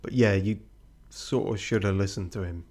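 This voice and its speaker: A man's voice: lowish voice, moderate pace, darkish tone. A man streaming a game, reading it aloud with sweary, self-mocking jokes on the side. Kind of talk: let's play commentary and narration.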